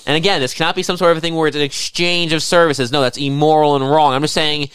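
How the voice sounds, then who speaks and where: A young man co-hosting a casual comedy podcast, rambling and swearing as he riffs with rising excitement. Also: fairly high pitch, quick pace, clean tone, no room sound. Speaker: podcast co-host.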